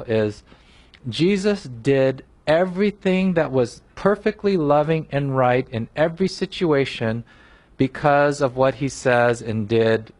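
An earnest male pastor preaching a sermon, pressing his points with emphasis and often restarting his phrases. His voice sits at an ordinary middle pitch. He closes by leading a heartfelt prayer.

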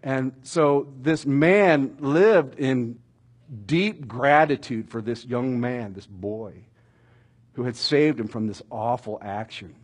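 A middle-aged man preaching a sermon, telling stories with animated emphasis that rises toward shouting at dramatic moments. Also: mid-range voice, slow, slightly rough. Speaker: pastor.

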